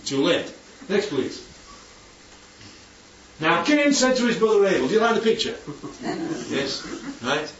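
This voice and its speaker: Speaking slowly in a high voice with big pitch swings, a man teaches the Bible informally to a group. He keeps asking questions and checking comprehension, and the recording is distant, dull and roomy with faint noise.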